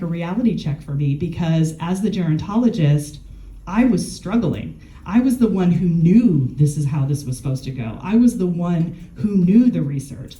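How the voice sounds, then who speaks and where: A woman's voice: on the low side, warm tone, echoey room, low-quality recording. A woman, a gerontologist, talking casually and candidly about caring for a family member, with self-deprecating laughs. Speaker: gerontologist and speaker. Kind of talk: casual conversational storytelling. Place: warm room.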